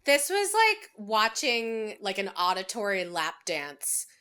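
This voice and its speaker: Woman co-host, casual chat; smooth, crisp and bright voice, wry and quick to laugh. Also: mid-range voice, sing-song. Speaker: podcast co-host.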